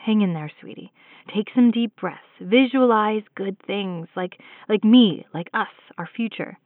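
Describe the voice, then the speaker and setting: A woman's voice: medium pitch, unhurried, no echo, lightly acted. A woman voicing a loving, protective husband speaking over the phone. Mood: soothing. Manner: soothing, protective. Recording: tinny phone line.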